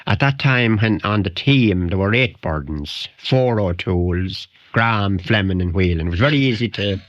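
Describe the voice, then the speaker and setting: A man's voice: lowish voice, lively intonation, normal speed, no echo. An older man with a Wicklow Irish accent, a guest in a radio interview, telling rambling anecdotes and chuckling. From Ireland. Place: radio studio. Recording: dry, dull 1990 radio studio recording.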